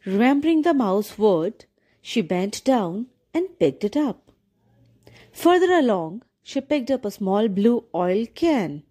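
Slow, gentle woman reading a fairy tale. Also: mid-range voice, very animated. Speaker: storyteller. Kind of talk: scripted storybook narration.

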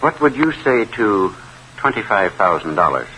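A man's voice: on the low side, sing-song, normal speed, sharp tone, a little hiss or hum, poor audio. A nervous, pleading rich man. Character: nervous wealthy man bargaining, fearful. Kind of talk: 1940s radio drama acting.

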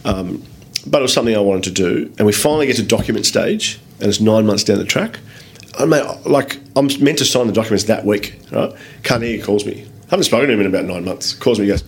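A man with an Australian accent and a fairly low voice tells business stories as a guest in a relaxed interview. He talks in a loose, lively way, swears freely, calls people mate and acts out the voices of the people in his anecdotes. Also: a little fast. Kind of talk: casual storytelling in a podcast interview.

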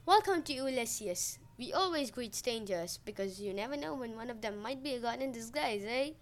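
A kind formal queen welcoming guests, high bright voice, read by a woman. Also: animated, normal speed. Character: kind, gracious woman queen, middle-aged.

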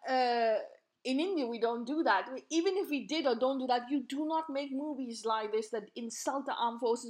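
A woman's voice: on the high side, a little mellow. A woman hosting a podcast, delivering an impassioned, indignant opinion monologue with frequent repeats and restarts. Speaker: podcast host.

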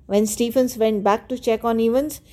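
A woman's voice: on the high side, steady tone, moderate pace, dark tone. A woman teacher explaining a story to students, asking rhetorical questions as she goes. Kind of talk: literature lesson explaining a story.

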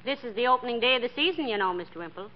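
A wry, teasing wife. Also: female voice, a little high, animated, very fast. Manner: wry, sly put-downs. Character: dry, teasing wife deflating her husband. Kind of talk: 1940s radio sitcom acting. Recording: dull lo-fi 1940s radio broadcast with faint hiss.

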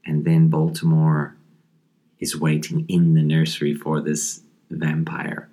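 A man hosting a podcast, talking casually about a horror comic in a thoughtful, halting way with frequent ums and restarts. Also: a bass voice, monotone, dark tone. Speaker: podcast host.

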